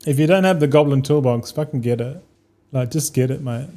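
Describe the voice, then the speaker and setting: Laid-back Australian man, mellow voice. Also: mid-range voice, a little fast. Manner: laid-back, rambling, swears freely, laughs often. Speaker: game streamer. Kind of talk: casual live-stream chat.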